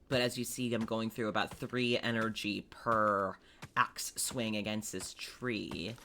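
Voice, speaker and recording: Streamer, woman: low but bright voice, lively delivery, chatty game commentary. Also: slight background noise. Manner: chatty and explanatory, with small laughs. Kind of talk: casual let's-play commentary.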